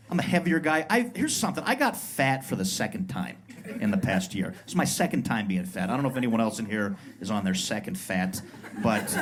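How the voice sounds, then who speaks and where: A man in his thirties from Colorado performing a self-mocking stand-up set in a comedy club, acting out brash tough-guy voices. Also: medium pitch. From Pueblo, Colorado. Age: 30s.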